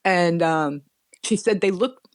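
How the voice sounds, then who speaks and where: A middle-aged woman telling a personal story as a guest, earnest and animated, often restarting her sentences. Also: on the low side, slow pace, no room sound, clean studio sound.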